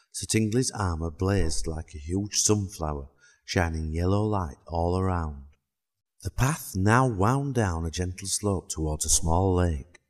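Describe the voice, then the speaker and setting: A man narrating a children's storybook in a calm, even way. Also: low-pitched.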